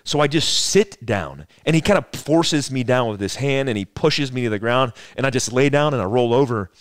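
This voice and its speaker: A man's voice: medium pitch, lively intonation, moderate pace, no echo, clean studio sound. A man in his forties, a former soldier, telling a rambling, profane story as a podcast guest. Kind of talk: casual storytelling conversation.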